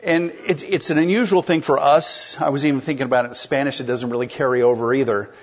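A man's voice: medium pitch, steady tone, quick pace, muffled recording. A man preaching an expository sermon in a conversational way, explaining a text and putting questions to the congregation. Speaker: pastor.

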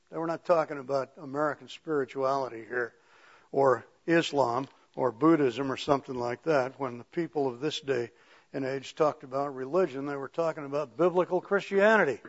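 A man preaching a conversational sermon, reading scripture slowly and with emphasis, then talking it over plainly with the congregation in a church. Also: mid-range voice, muffled recording. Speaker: pastor. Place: church sanctuary with pews.

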